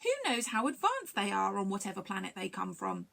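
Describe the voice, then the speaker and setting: A woman's voice: medium pitch, big pitch swings, fairly quick, gravelly, sharp tone, heavily acted. A woman doing a musing storybook creature. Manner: musing, reasoning aloud. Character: thoughtful storybook creature pondering aliens.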